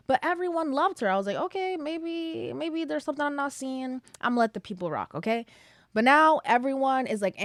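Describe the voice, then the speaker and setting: A woman's voice: mid-range voice, dry recording, studio quality. A young woman hosting a casual solo podcast, chatty and opinionated, full of "like" fillers. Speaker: podcast host.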